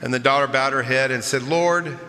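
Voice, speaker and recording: Male pastor, bright clear voice, storytelling sermon, long church reverb. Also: mid-range voice, fairly quick. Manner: warm storytelling with chuckles, then earnest preaching. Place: large church sanctuary.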